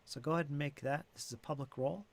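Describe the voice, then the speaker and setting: A man narrating and explaining rules as game master in a live-play tabletop game, casual and steady. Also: on the high side, fast.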